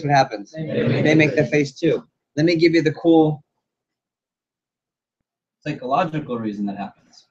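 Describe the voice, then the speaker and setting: A man running a sales training class, animated and quizzing the group with questions. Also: fairly high pitch, background noise. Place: training room. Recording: dull lo-fi recording.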